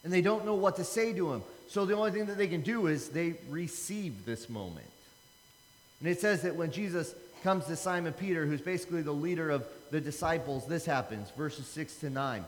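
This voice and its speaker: A man's voice: a little high, lively intonation, brisk, a little hiss or hum. A man in his thirties preaching a casual, conversational sermon, acting out the Bible dialogue. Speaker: pastor. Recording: long hall reverb.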